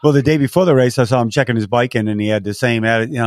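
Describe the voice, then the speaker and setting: A man's voice: mid-range voice, rapid-fire, few pauses, no echo. An older man from San Diego recounts his years as a race announcer, his voice jumping up whenever he acts out what people said. The sound is dry and close. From San Diego, California. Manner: animated, acts out quotes with lifted voice. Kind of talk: storytelling interview answers.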